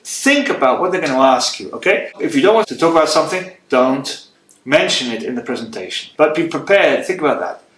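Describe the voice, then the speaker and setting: A man teaching presentation skills to camera, brisk and direct, often checking in with "okay?" while holding a microphone. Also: a little high, very animated, fairly bright tone. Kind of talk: lecture to camera. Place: room with a writing board. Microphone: handheld microphone. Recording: echoey room.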